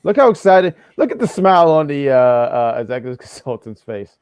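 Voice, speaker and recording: A man's voice: mid-range voice, sing-song, fairly quick, a little mellow, smooth, no echo. A man hosting a casual wrestling review show, teasing his co-host playfully. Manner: playful teasing, lots of fillers. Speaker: podcast host.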